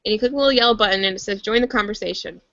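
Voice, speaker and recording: A young woman hosts a relaxed live stream, her voice bright and a little sharp, close and dry with almost no room sound. She rambles through fan talk, full of fillers and restarts, over a slightly dull, low-fidelity computer mic. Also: rapid-fire, no room sound. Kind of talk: casual chat.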